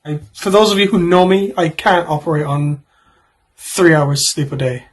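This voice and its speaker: A man in his twenties, a YouTuber, reading out would-you-rather questions and answering them in a rambling, joking way with offhand asides. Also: a little high.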